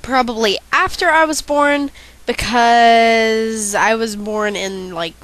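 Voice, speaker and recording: A woman's voice: a little high, slow, a bit bright. A teenage girl chatting through a let's play of a horror game, chatty and self-deprecating, reading out the on-screen dialogue. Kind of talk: casual game commentary with read-out dialogue.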